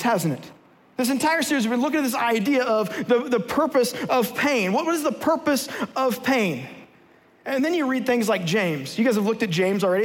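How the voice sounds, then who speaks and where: A man giving a sermon as a guest preacher, humorous and conversational, playfully acting out everyday scenes for his audience. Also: very high-pitched. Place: large church hall with live audience. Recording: long hall reverb.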